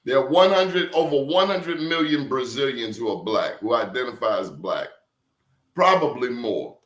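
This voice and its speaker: Animated, emphatic man in a roomy echo. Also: mid-range voice, moderate pace. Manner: emphatic, animated storyteller with blunt slang. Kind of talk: casual conversation.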